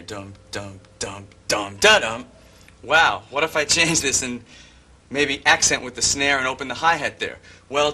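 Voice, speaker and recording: An older man teaching drum parts step by step, explaining calmly and humming bass lines as he goes. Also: a little hiss or hum. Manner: methodical, hums bass lines as syllables. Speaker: drum instructor. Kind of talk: instructional explanation with count-ins.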